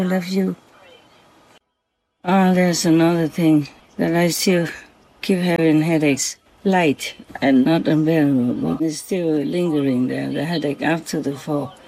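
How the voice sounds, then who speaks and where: A speaker talking gently and affectionately in a spoken diary, soft-spoken and unhurried. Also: mid-range voice, vocal fry, slight background noise, low-quality recording.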